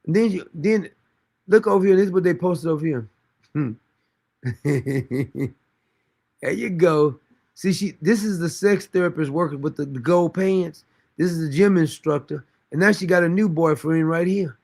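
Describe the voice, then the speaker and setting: A man's voice: fairly high pitch, normal speed, creaky, long pauses, darkish tone. A man hosting a commentary stream, reacting to news clips in a sarcastic, mocking, slangy way. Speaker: commentary host.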